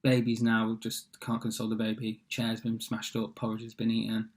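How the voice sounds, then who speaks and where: A man's voice: lowish voice, completely flat delivery, moderate pace. A young man tells a children's fairy tale his own casual way. He rambles, drops in fillers and jokey asides, and keeps an offhand, chatty tone throughout. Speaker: storyteller.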